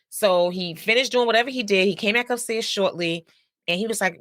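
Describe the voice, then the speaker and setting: Chatty woman with a bright, dry voice. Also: mid-range voice, fairly quick, no room sound. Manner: chatty, personal, lots of fillers and asides. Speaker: counselor and podcast host. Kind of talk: casual storytelling monologue.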